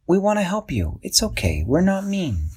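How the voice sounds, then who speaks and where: A kind young adventurer with a husky voice, as a man reads him out. He speaks softly and reassuringly, rising and falling with feeling. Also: high voice, wildly swooping pitch, moderate pace, voice pushed up, full character voice. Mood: gentle.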